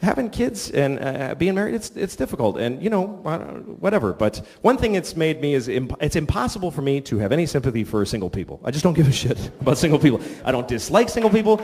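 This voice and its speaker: A man's voice: a little high, sing-song, fast, hardly any pauses, a little mellow, breathy edge. A man doing a crude, ranting stand-up comedy set.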